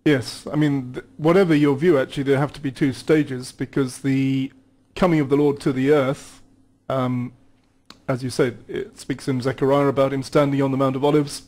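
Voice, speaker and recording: A man's voice: mid-range voice, level tone, normal speed, a little mellow. Man explaining scripture in conversation. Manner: earnest, explanatory, reads scripture aloud with some restarts. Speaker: guest Bible teacher.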